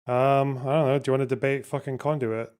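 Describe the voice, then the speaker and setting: A man's voice: mid-range voice, fairly even intonation, brisk, a little mellow, clean tone. A man hosting a casual livestream, thinking aloud and muttering over a word puzzle, swearing now and then. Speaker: livestream host.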